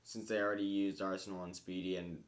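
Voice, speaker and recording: A man's voice: sits low, level tone, fast. A man chatting casually on a podcast, thinking aloud hesitantly with many fillers. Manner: hesitant, lots of "like".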